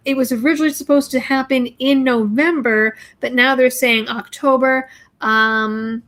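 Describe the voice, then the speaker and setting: Chatty, blunt woman livestreamer, higher voice. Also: a bit bright. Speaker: livestream host reading viewer super chats. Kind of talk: casual livestream chat.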